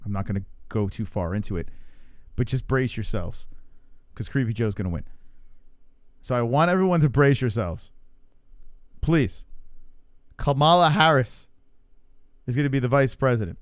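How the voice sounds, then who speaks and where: A man co-hosting a casual live stream, loud, profane and excitable, quick to shout. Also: medium pitch, dry recording, studio quality. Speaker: podcast co-host.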